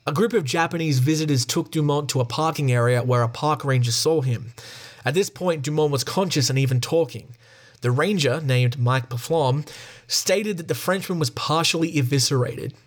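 A man hosting a podcast, reading a prepared script in a steady storytelling tone. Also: fairly high pitch, normal speed. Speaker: podcast host. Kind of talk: scripted narration.

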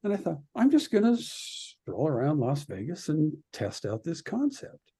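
Husky, lively Canadian-born man telling stories. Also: on the high side, measured pace. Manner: acts out the voices of people in his story. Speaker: podcast guest, radio producer. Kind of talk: animated anecdote in a podcast interview.

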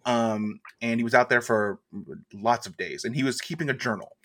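A man co-hosting a comedic podcast, reading a made-up journal aloud in a deadpan, playful way. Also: mid-range voice, moderate pace. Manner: deadpan comic reading with bursts of energy. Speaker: podcast co-host.

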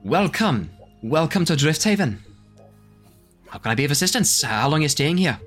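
A man voicing a tall, cheerful female half-orc sailor who talks in a brisk, folksy way. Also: fairly high pitch, very animated, fairly bright tone, soft background music, voice pushed up. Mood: welcoming.

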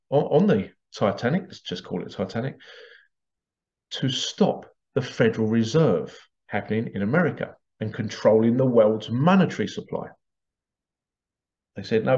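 A man's voice: mid-range voice, warm tone. A man talking casually to his viewers in a rambling way, repeating words and chuckling between points. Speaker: vlogger. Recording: dull lo-fi sound.

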